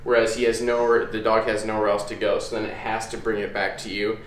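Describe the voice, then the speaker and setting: A man's voice: on the low side, completely flat delivery, brisk. A man hosting a casual how-to video at home, talking in an easygoing, rambling way with plenty of fillers. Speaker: dog trainer, channel host. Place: indoors at home by a hallway. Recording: echoey room, faint room noise.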